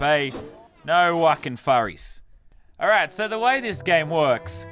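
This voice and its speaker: A young Australian man with an Australian accent gives joking, swear-laden commentary over a game. His voice sits slightly high for a man, with faint music underneath. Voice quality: jokey and swearing, excitable. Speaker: gaming video host. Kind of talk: gameplay commentary.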